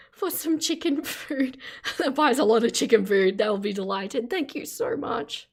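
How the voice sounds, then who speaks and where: A woman's voice: fairly high pitch, measured pace. A woman hosting a live stream, chatting casually with her viewers and thanking them again and again for donations, often laughing and flustered. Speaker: livestream host.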